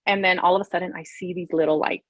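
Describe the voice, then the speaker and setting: A woman's voice: quick pace, no room sound. A woman guest, a therapist and life coach, telling a story in casual chat and acting out what people said with big jumps in her voice. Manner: animated, acts out quoted voices with big pitch jumps.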